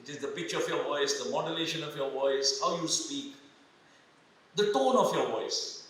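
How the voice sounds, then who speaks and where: An older man with an Indian English accent delivers a motivational talk to a hall of students, asking them questions and slipping into Hindi now and then. His voice sits high and bright. It comes through the hall's speakers and carries a heavy echo from a distance. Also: expressive, normal speed. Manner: asks the audience questions, mixes in Hindi phrases. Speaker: retired army general giving a leadership talk. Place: large hall. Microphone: microphone through speakers.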